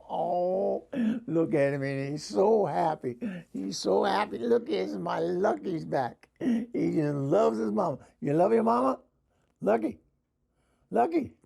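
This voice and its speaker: A man playing an excitable, dog-loving hillbilly woman with a Southern accent in a comic character vlog, gushing and rambling with lots of laughs. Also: fairly high pitch, creaky, breathy edge, heavily acted. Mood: doting.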